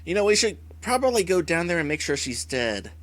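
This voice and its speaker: A man's voice: fairly high pitch, big pitch swings, a bit bright. Joking man on a game stream. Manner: quick, joking asides. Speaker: streamer, host. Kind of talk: casual let's-play commentary.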